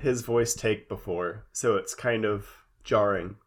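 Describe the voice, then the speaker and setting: A man's voice: on the low side, slow pace. A man co-hosting a casual podcast, recapping an anime episode with dry joking asides. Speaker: podcast co-host.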